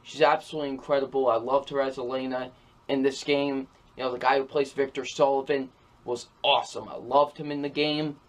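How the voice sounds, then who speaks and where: A man's voice: medium pitch, flat delivery, brisk. A man giving a casual, enthusiastic video game review, repeating his praise with lots of fillers.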